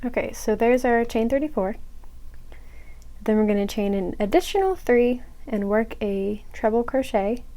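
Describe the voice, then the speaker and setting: Woman, young adult, slightly high-pitched, casual crochet tutorial, chatty, self-mocking. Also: normal speed, mellow, poor audio. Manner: chatty, self-mocking asides, drops to a whisper when muttering to herself.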